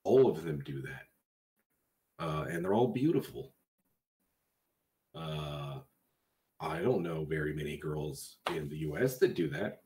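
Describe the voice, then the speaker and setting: A man's voice: a bass voice, expressive, a little slow, pauses often, mellow, a little hiss or hum. A man streaming a game live, bantering with chat in a crude, joking way.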